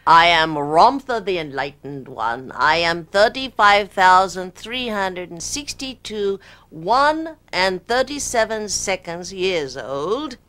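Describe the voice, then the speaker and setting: A woman playing a solemn ancient male spirit teacher; put-on British accent, low-pitched, unhurried declarations. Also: expressive, fairly bright tone. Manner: slow, stately pronouncements. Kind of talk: channeling performance.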